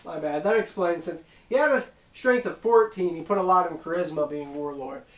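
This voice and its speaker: Brief: chatty game master, man, high-ish voice, rambling with asides, dull roomy sound. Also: normal speed, slight background noise. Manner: rambling, with asides and self-corrections. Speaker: tabletop game master recounting a session. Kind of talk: casual storytelling.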